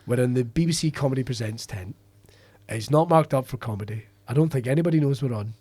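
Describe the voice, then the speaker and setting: A Scottish comedian telling a rambling, sweary anecdote in a casual podcast chat. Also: male voice, mid-range voice, quick pace, dark tone, no echo. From Scotland. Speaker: comedian guest.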